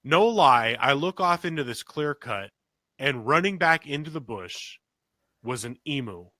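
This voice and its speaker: A man's voice: on the high side, expressive, a little slow, pushed and bright, no echo. A man co-hosting a podcast, telling a story casually and acting out quotes with big jumps in his voice. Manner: swears casually, many restarts. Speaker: podcast co-host.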